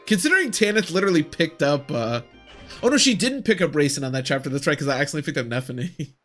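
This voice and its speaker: Rambling young gaming streamer. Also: male voice, a little high, very animated, fast talker, fairly bright tone, soft background music. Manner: rambling, self-talking. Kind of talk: casual game commentary.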